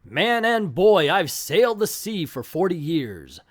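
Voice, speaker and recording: A man's voice: high-pitched, big pitch swings, unhurried, dry recording, clean studio sound, exaggerated voice. A man voicing an old sea captain who talks in amazed exclamations.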